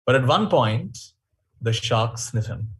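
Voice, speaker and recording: Husky male speaker leading a webinar, storytelling, animated and reflective. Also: medium pitch, slow. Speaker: workshop speaker. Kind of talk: webinar talk.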